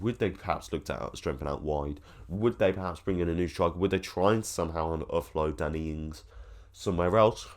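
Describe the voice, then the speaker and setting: Brief: low-pitched male fan host, chatty, rambling, opinionated. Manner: rambling, filler-heavy, opinionated. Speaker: football fan channel host. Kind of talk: casual commentary to camera.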